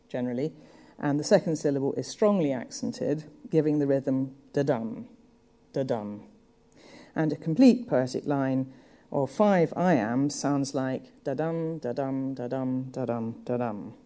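A woman giving a measured, thoughtful lecture on poetry, with occasional fillers. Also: low voice, dark tone. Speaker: literature lecturer.

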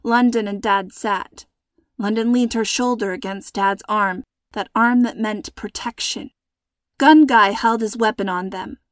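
Woman, storybook narrator, measured suspenseful reading, middle pitch, dry close sound. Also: dry recording.

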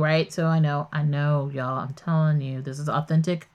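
A woman's voice: low voice, steady tone, moderate pace, hardly any pauses, a little mellow. A woman hosting a podcast, telling a story in a candid, chatty way that often wanders off topic. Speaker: podcast host. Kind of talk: casual storytelling.

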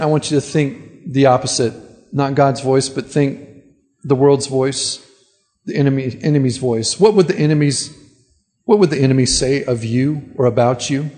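A man's voice: mid-range voice, a little mellow. A man preaching a sermon as a pastor, earnest, often repeating words as he starts a thought. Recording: long hall reverb.

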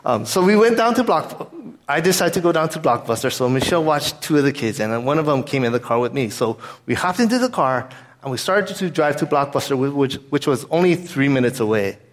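A man's voice: mid-range voice, big pitch swings, fairly quick. A man pastor giving a sermon in an earnest, conversational way, weaving in a personal story.

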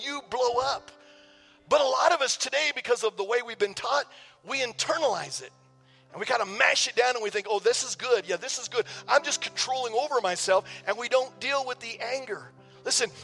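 High-voiced gravelly preacher man. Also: bright, forceful tone, in a large hall. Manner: conversational, emphatic preaching with repeated words. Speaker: pastor. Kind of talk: sermon. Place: church sanctuary.

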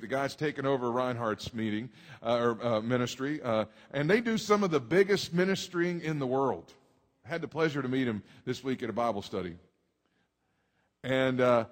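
A man, preaching a sermon emphatically, dropping low and rising loud. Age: 40s. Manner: emphatic preacher, swings between hushed and loud. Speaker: pastor. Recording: long hall reverb.

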